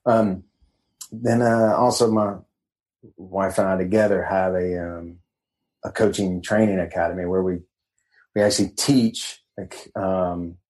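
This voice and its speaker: A man guesting on a casual podcast, talking as a coach in a meandering, halting way. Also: low voice, a little mellow, rough recording. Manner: meandering, halting, laid-back. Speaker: guest, men's empowerment coach.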